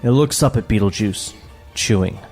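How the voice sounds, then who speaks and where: A man reads the stage directions of a script aloud for a comedy table read. His narration is plain and steady. He breaks it up with wry asides. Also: lowish voice, normal speed, faint music behind. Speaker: co-host and narrator.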